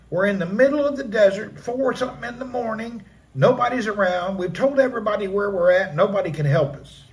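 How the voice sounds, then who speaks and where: High-voiced man telling a dramatic story. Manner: animated, acts out gunfire and crashes with vocal sound effects. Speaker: live stream host telling his own story.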